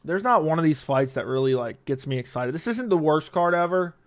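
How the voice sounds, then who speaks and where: Laughing, blunt man with a smooth voice. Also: a little high, brisk. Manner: blunt, profane, laughs often, animated swings in loudness. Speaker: MMA predictions commentator. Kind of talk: casual fight predictions monologue.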